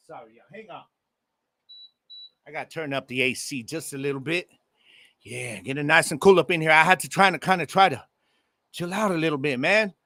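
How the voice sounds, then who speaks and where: Fortyish guy doing his football podcast from home, hyped and slangy, high bright voice, dry close mic. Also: no echo. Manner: loose, excitable, talks straight to listeners with slang. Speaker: podcast host. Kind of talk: casual sports podcast monologue. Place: home room with air conditioning.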